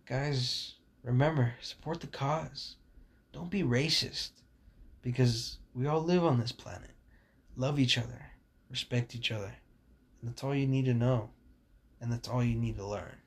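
A man's voice: medium pitch, measured pace, breathy edge. A young man hosting a casual podcast, talking in a blunt, rambling and profane way, full of fillers, with a sore voice. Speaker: podcast host.

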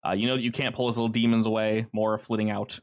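A man's voice: fairly low pitch, little pitch movement, very fast. A man running a tabletop game as game master, telling the scenes in a casual, vivid way with many fillers.

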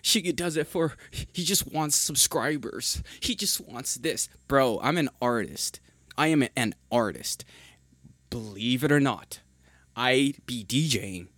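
Heated, animated young man ranting. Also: mid-range voice, takes it slowly, no room sound. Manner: heated, emphatic, repeats himself, swears often. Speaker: podcast host. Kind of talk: passionate podcast monologue.

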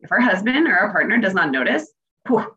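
A woman's voice: mid-range voice, sing-song, fast, background noise. Earnest woman speaking, slightly muffled sound. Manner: earnest, reflective, encouraging. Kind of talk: casual chat.

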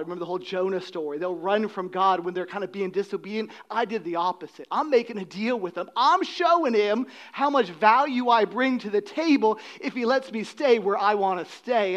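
High-voiced, dynamic preacher. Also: male voice. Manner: dynamic preaching, swings between loud emphasis and hushed drops. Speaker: pastor. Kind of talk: sermon.

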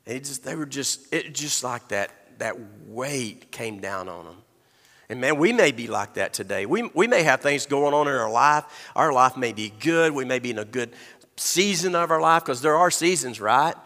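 Bright-voiced preacher in a reverberant hall. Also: male voice, mid-range voice, expressive, moderate pace. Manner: conversational storytelling, acts out quotes, repeats words. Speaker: pastor. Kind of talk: sermon.

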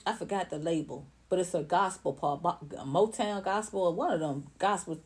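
A woman giving blunt, animated celebrity gossip commentary on her own channel. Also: fairly low pitch, normal speed. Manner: animated, blunt, rising to heated outbursts. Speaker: commentary vlogger.

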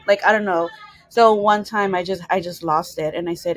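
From her bedroom, a young podcast co-host talks candidly in a lowish voice with fairly even intonation and a moderate pace. She swears and laughs frequently; there's no echo, but the audio is poor.

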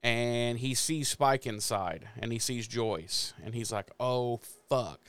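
A man's voice: medium pitch, slow pace, clear, resonant tone. A man from the Midwest co-hosting a podcast, recapping a TV episode in casual chat and acting out the characters' lines with plenty of swearing. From American Midwest. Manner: animated retelling with profanity and acted-out quotes. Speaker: podcast co-host.

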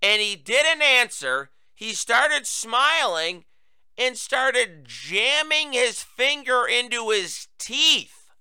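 A man's voice: extremely high pitch, big pitch swings, slow, sharp tone, clean tone, dry recording, clean studio sound. A male talk show host giving political commentary in a sarcastic, emphatic, mocking way.

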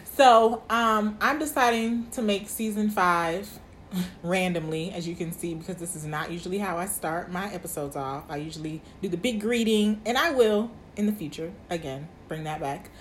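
Woman, 20s, podcast host, candid monologue, slightly low voice, faint background noise. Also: moderate pace. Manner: candid, chatty, uses y'all. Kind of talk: casual monologue.

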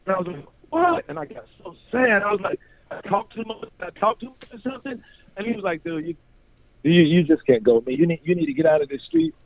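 A man from North Carolina recounts his past in animated chat, acting out the voices of people in his stories and laughing as he goes. His voice sits a little high. The sound is dry and narrow, like a phone call carried on radio. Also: fast talker, gravelly, no room sound. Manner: acts out voices in his stories, laughs often, repeats words. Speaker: guest telling his life story.

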